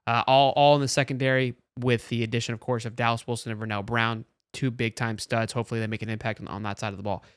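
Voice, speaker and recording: A man hosting a sports talk show, talking in a casual, animated way with frequent restarts. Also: medium pitch, smooth, dry recording, studio quality. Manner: animated, talks fast with restarts.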